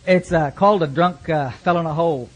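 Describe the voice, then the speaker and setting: A man's voice: on the high side, a little fast. A middle-aged man with a Texan accent, sharing his recovery story at a fellowship meeting in a folksy, joking way. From Texas, USA. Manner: folksy, joking, lots of restarts.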